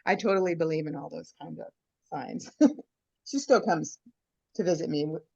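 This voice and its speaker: Woman, low voice, halting casual storyteller, muffled call audio. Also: vocal fry, darkish tone, husky. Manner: halting, repeats words when starting. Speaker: newcomer in an online group.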